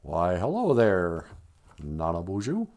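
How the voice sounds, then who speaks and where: A man imitating a former president who speaks in slow, measured phrases broken up by deliberate pauses. It is a live-stream comic impression with a wide, lively rise and fall in pitch. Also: exaggerated voice.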